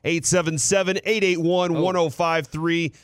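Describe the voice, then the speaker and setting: A man hosting a sports radio show in a studio, pausing on "uh" fillers and turning animated as he retells a story. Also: on the high side, dry recording. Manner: halting, many "uh" fillers, animated when retelling. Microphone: studio microphone.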